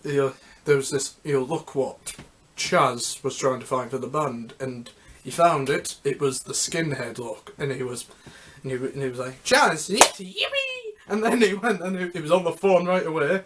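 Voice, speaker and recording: Guy rambling about music history, mid pitch, lots of stops and restarts, super casual. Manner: rambling, halting, with many restarts. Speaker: music history video host. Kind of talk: casual unscripted talk.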